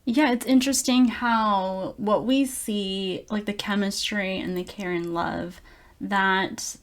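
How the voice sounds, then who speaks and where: A woman hosting a podcast, talking in a reflective, soft-spoken way. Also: mid-range voice, steady tone, slow. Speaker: podcast host. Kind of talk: casual podcast chat.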